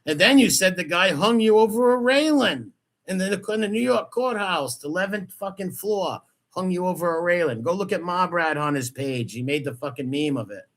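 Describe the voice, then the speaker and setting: A man's voice: high-pitched, expressive, normal speed, fairly bright tone. A man giving angry reaction commentary, mocking and profane as he picks apart a clip.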